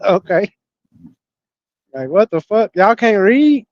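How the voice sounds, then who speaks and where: A man's voice: very high voice, very animated, very slow, pauses often, no echo. A young man telling loose, profane stories in casual podcast chat, laughing often. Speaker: podcast co-host. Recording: dull, lo-fi dry sound.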